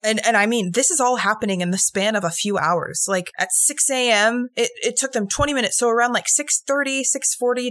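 A woman co-hosting a true crime podcast, retelling a case in a casual, animated way with some swearing. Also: medium pitch, dry recording. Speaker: podcast co-host.

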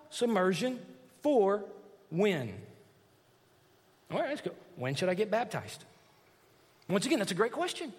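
A man's voice: high voice, breathy edge. A man preaching a sermon as pastor, reading scripture aloud and adding emphatic asides to the congregation. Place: church sanctuary. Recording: long reverb of a large hall.

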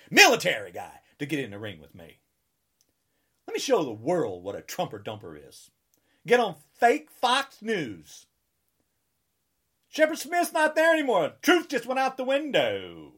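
An American man in his sixties with a high-pitched, fairly bright voice delivers an angry political rant. He's combative and taunting, repeating himself heavily.

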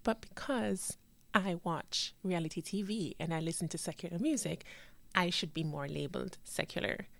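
In a relaxed solo podcast, a young New York-born woman raised in Jamaica talks animatedly about herself, acting out other people's words and laughing. Her lowish voice carries vocal fry at a moderate pace, in a dry recording.

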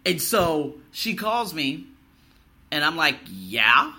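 Casting: male podcast host, very bright, sharp-edged tone, heated profane rant, slightly higher pitch. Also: big pitch swings, takes it slowly. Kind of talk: solo podcast monologue.

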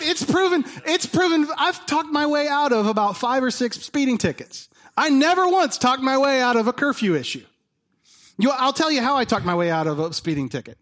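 A man in his thirties preaching a sermon, telling personal stories and acting out the dialogue in them. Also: very high voice. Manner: animated storytelling, acts out dialogue. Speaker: pastor.

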